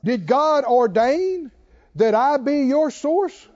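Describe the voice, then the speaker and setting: A man's voice: extremely high pitch, lively intonation, slow pace, darkish tone, highs cut off. A man preaching a sermon, emphatic and driving his points home with repeated rhetorical questions.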